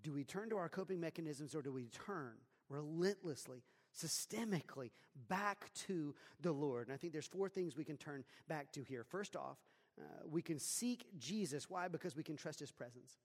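A man delivers a sermon in a high voice, dropping low and soft for scripture readings, then rising into loud, emphatic preaching. His voice carries a long reverb, as in a large church hall. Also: expressive, moderate pace. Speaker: pastor.

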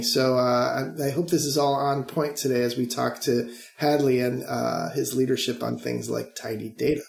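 Podcast host, male, casual and jokey, slight vocal fry, roomy echo. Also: medium pitch. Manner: chatty, jokey, prone to fillers.

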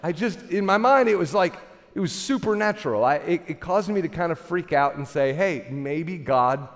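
A middle-aged man preaching a sermon, telling a story with an animated, self-deprecating manner and many restarts. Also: high-pitched, fairly quick. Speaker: pastor. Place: large church hall. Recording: reverberant church hall.

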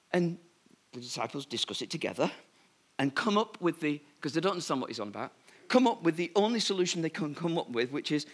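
Bright-voiced storytelling preacher. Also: male voice, on the high side, fairly quick. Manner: lively storytelling with humorous asides. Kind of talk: sermon.

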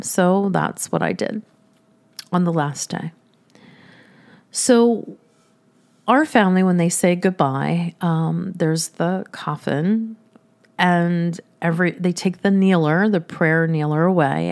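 Gravelly-voiced woman telling a story. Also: lowish voice. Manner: chatty, laughing often, lively retelling. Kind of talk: personal storytelling.

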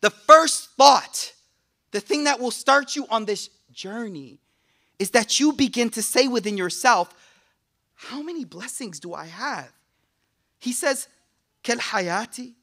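A young man giving a lively, casual sermon to a live audience, joking and using slang, and reciting Arabic quotations quickly. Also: very high voice. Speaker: Islamic lecturer.

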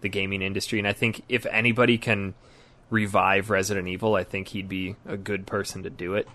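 A man's voice: low voice, little pitch movement, fairly quick, pushed and bright. A man co-hosting a gaming podcast in loose, joking casual chat, often trailing off mid-sentence. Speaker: podcast co-host.

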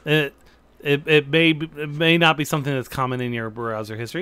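A man trading wry, sarcastic remarks as a podcast co-host in an easy comedic chat. His voice has a crisp, bright edge. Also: a little high, steady tone, brisk, no room sound.

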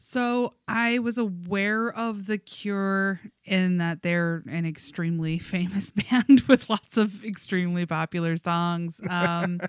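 A woman's voice: lowish voice, fairly even intonation, slow pace, hardly any pauses, clean tone, no room sound, clean studio sound. A woman co-hosting a music podcast, reading listener comments aloud with frequent giggles. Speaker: podcast co-host.

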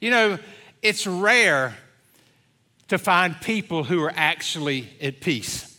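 Bright-voiced middle-aged pastor preaching. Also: male voice, high-pitched, lively intonation, slow pace. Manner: folksy storytelling with many fillers. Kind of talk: sermon. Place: church sanctuary.

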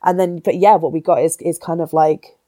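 A woman's voice: low-pitched, fairly even intonation, fairly quick, dark tone, dry recording. A woman guest on a podcast, chatting about films in an enthusiastic, sweary way. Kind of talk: casual podcast chat.

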